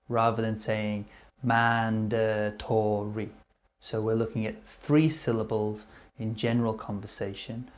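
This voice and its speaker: A man teaching English vocabulary, repeating each word slowly and clearly before explaining what it means. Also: on the low side, fairly even intonation, a little mellow. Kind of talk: slow vocabulary lesson.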